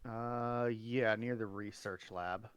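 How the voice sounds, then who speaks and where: A man's voice: on the low side, fairly even intonation, takes it slowly, clear, resonant tone, dry recording, highs cut off. A man narrating as game master in a tabletop game, talking in a casual, rambling way.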